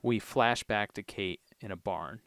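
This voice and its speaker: A man co-hosting a podcast, casually recapping TV episodes in a relaxed, rambling way with plenty of ums and uhs. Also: fairly low pitch, unhurried, dry recording. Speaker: podcast co-host.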